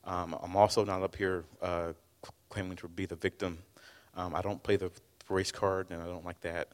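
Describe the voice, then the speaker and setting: A man's voice: low-pitched, level tone, moderate pace, big-room sound. A man, a church member, hesitantly reads a prepared personal statement to a congregation. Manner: hesitant, with fillers and restarts. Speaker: church member giving a testimony.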